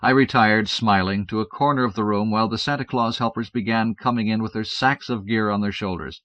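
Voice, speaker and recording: A man's voice: lowish voice, steady tone, brisk, a bit bright, dry recording. A man narrating a first-person audiobook in a wry, matter-of-fact storytelling manner. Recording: dull, dry 1970s cassette audiobook.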